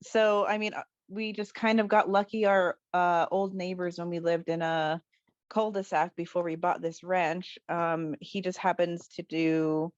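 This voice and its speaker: Hesitant low-voiced woman on a dull line. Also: flat delivery, a little slow, dry recording. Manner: soft-spoken, hesitant, many fillers. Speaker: guest. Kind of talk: casual chat.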